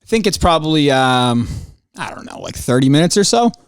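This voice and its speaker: A podcast host who talks in a lively, swooping way, his voice a bit higher than most men's. He rants, swears freely and climbs sharply in pitch when he gets fired up. The sound is dry and close, with no room in it. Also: fairly quick, clean tone, no echo. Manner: animated, ranting and profane, voice jumping high when worked up. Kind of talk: casual solo podcast monologue.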